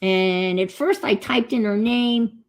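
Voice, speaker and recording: A woman's voice: mid-range voice, slow. A middle-aged woman chatting casually as she crafts on a stream, telling rambling stories. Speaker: crafting vlogger.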